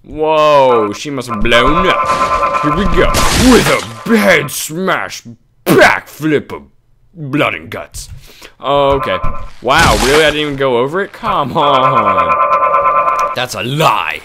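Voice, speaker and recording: A man commenting on his gameplay in a jokey, excitable way, breaking into silly singing and high yelps. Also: slow. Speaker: gaming commentator. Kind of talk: let's play commentary. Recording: loud game music behind. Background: game music.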